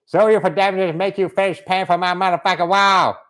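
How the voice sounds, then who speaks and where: Brief: a man doing an angry swearing wall-builder in broken English, pitched a bit high, for a livestream. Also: fairly even intonation, fairly quick, fairly bright tone. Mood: ranting. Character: furious foul-mouthed man guarding his wall. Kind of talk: comic put-on voice on a livestream.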